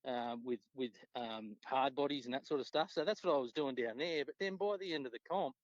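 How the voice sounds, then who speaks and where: A man with an Australian accent, a podcast guest telling fishing stories in a relaxed, swearing, casual way. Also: a little fast, no echo. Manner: laid-back, swears freely, acts out quotes with pitch jumps. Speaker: podcast guest, tournament angler. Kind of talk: casual storytelling chat. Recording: dull lo-fi dry sound.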